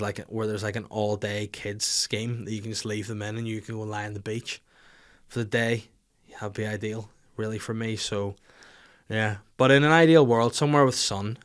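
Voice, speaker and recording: A man, hosting a comedy podcast in a crude, sweary, animated storytelling way. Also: lowish voice. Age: 30s. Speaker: podcast host. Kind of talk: casual comic podcast chat.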